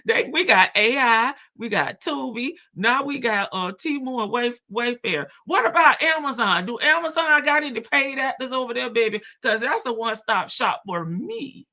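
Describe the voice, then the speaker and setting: Southern country lady streaming, gravelly and bright, laughs a lot, muffled lo-fi audio. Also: on the high side, lively intonation, normal speed, few pauses. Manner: chatty, laughs often, drawls in a country way. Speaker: livestream reaction host. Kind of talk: casual live chat reading comments.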